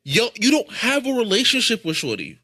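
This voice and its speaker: Animated, profane young man. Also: sits high, fairly quick, husky, no room sound, studio quality. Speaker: podcast host. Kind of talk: casual podcast chat.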